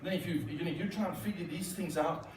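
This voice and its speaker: Playful high-voiced man on a stage. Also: a little fast, a little hiss or hum. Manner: joking, playful, talks to the crowd. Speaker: corporate speaker and magician. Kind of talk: comedic keynote speech with magic tricks. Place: large conference hall. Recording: echoey hall, mic from a distance.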